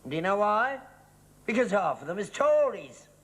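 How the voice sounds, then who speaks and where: A man's voice: high voice, very animated, moderate pace, a bit bright, rough recording. An actor playing a stubborn, cheeky older father with a London working-class accent, smug and mocking. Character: cheeky old Tory-loving father, stubborn. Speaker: sitcom actor. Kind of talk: studio sitcom acting.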